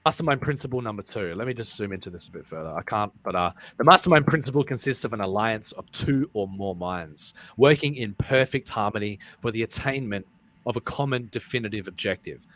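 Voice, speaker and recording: A man's voice: fairly low pitch, lively intonation, brisk, a bit bright, dry recording. A man hosting a casual live-streamed talk show, rambling and repeating his words, often breaking into laughs. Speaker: podcast host.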